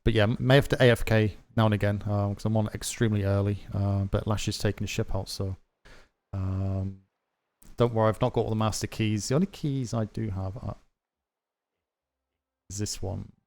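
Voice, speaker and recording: A man's voice: fairly low pitch, fairly even intonation, normal speed, a little mellow. A man livestreaming from a home setup into a mixer mic, chatting to viewers in a rambling way with lots of fillers. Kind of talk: casual chat to stream viewers. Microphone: mic through a desk audio mixer.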